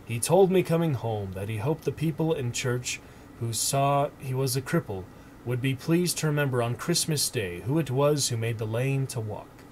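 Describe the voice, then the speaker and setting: A man voicing a gentle, proud poor father in a read-aloud storybook, speaking softly. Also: medium pitch, expressive, moderate pace, slight background noise, lightly acted. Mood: tender.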